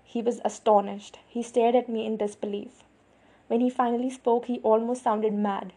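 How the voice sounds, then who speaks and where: A woman reading a novel aloud in the first person, with even, measured storytelling. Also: a little high, breathy edge. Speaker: audiobook narrator.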